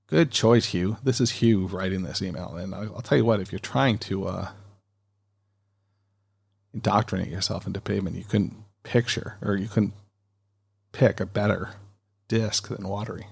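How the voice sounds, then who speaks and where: A man's voice: lowish voice, moderate pace, gravelly, pauses often, a little mellow, breathy edge. A man hosting a podcast, rambling and chatty in a casual monologue, recorded on a studio dynamic mic. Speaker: podcast host.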